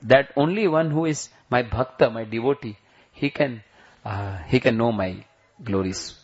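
Husky-voiced man telling a sermon story. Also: medium pitch. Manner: slows and rises when voicing prayers. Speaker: preacher. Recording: dull lo-fi recording.

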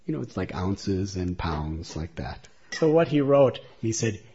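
A man's voice: fairly low pitch, very animated, unhurried, dark tone, breathy edge. A man telling a devotional story as a speaker in a religious talk, in a dull lo-fi recording.

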